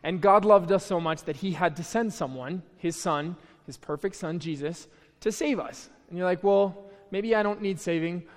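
High-voiced young man preaching in a hall. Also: normal speed. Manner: chatty, self-deprecating, with many restarts. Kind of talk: casual conversational sermon. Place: church hall.

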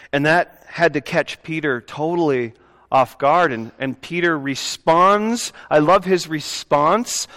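A male preacher with a slightly high, fairly bright voice gives a conversational sermon in a church sanctuary. He drops in joking remarks to the congregation, and the recording carries the hall's long reverb.

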